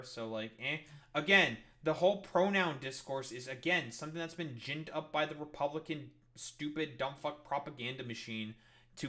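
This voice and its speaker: Guy streaming, cursing nonstop, bright sharp voice, pretty high for a man, mocking. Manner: swears constantly, scornful, restarts a lot; gets loud and excited while acting out an example. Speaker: streamer reacting to an interview. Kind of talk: profane political commentary.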